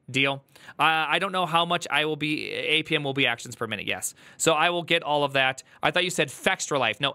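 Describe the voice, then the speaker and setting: Bright gravelly emotional male streamer. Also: mid-range voice. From United States. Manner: emotional, earnest storytelling, fighting back tears. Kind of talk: casual livestream chat.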